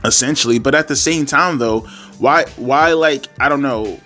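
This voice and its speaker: Male vlogger, mid-pitched, rambling and self-correcting, casual swearing; quiet music bed. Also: normal speed. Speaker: wrestling commentary YouTuber. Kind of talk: casual opinion rant. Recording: faint instrumental music underneath.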